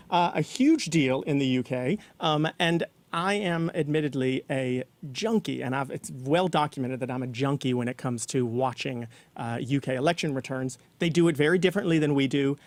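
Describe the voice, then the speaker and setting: A man's voice: mid-range voice, normal speed. A man co-hosting a casual weekly news talk show, explaining at length with fillers. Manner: chatty, explanatory, many fillers. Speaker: co-host.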